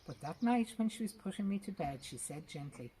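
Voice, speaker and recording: A woman reads a short story aloud, her voice low and her telling lively and expressive. Faint birdsong sits in the background of the recording. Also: fairly quick, a little hiss or hum, low-quality recording. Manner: lively, expressive first-person narration. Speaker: reader.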